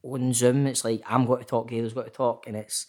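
A Scottish man, an actor and podcast guest, telling lively stories in a casual chat, swearing freely and calling the host mate. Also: mid-range voice, a little fast. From Scotland. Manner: chatty storyteller, keeps saying mate, swears freely. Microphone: remote call.

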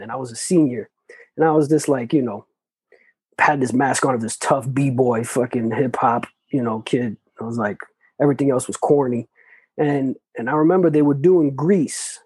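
A man's voice: a little high, a little mellow, husky, no room sound, poor audio. A man in an interview, telling a personal story in casual, loose, profane talk full of restarts. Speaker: interview guest.

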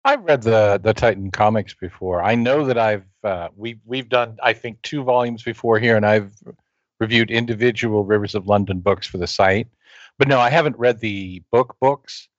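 A man's voice: fairly low pitch, no room sound. Chatty man on a dull lo-fi line. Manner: chatty, jumps in with quick asides. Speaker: podcast co-host. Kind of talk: casual chat. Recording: dull lo-fi sound.

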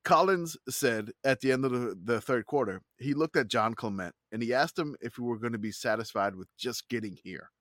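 A man hosting a casual sports podcast, recapping an old game with quick laughs and lively storytelling. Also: medium pitch, dry recording, clean studio sound. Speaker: podcast host.

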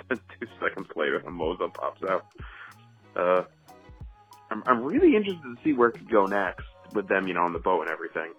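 A man's voice: sits low, big pitch swings, a little fast, breathy edge. A man calling in with a chatty, rambling voicemail review, full of fillers. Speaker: caller leaving a voice message. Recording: dull, muffled phone audio, faint music.

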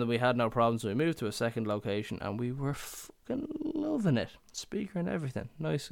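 Tipsy young Irish male podcast host, rambling and swearing, smooth lively voice, dry close sound. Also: mid-range voice, no echo. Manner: rambling, swearing, chatty storytelling. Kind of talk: rambling casual monologue.

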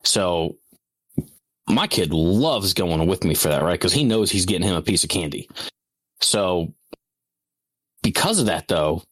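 A young man with a very low voice tells rambling, profane stories in casual podcast chat. He laughs often and restarts his sentences. The recording is dry and close. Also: expressive, unhurried, pauses often, slightly rough, no room sound. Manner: rambling, swearing storyteller who laughs a lot. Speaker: podcast co-host.

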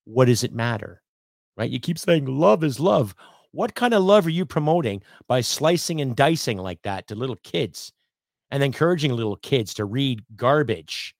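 A middle-aged Canadian man hosting his own podcast, ranting bluntly and profanely, swinging from loud outbursts to low muttering. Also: big pitch swings, moderate pace, creaky, no echo, clean studio sound. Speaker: podcast host. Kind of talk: opinionated rant.

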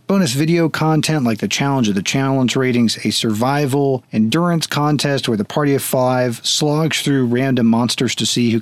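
Male game master and podcast host, wry and joking, mid pitch, dry close sound. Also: no echo. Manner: wry, joking, casually profane. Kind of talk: running a tabletop game, then patron thanks.

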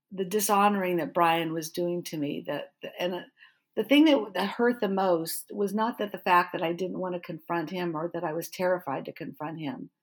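A middle-aged woman, a pastor and author, telling a personal story in an interview and acting out the dialogue and her own thoughts. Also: fairly low pitch. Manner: animated, acts out remembered inner thoughts and dialogue.

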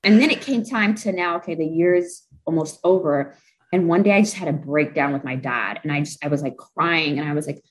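A woman's voice: low-pitched, a little fast, poor audio. A young adult woman, a guest in an interview, telling a personal story candidly and with feeling. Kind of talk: interview conversation.

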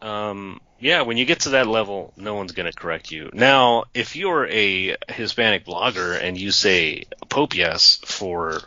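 A man's voice: on the low side, lively intonation, a little slow, hardly any pauses, bright, forceful tone, dry recording. A man hosting a casual podcast chat, agreeable and wry with dry asides. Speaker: podcast host. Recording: dry, dull lo-fi podcast audio.

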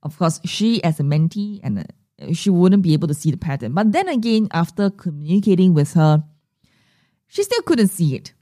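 A woman's voice: on the low side, sing-song, normal speed, dark tone, no room sound, clean studio sound. A middle-aged woman hosting her money mindset podcast, telling stories animatedly and acting out the voices she quotes. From Singapore. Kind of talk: solo podcast monologue.

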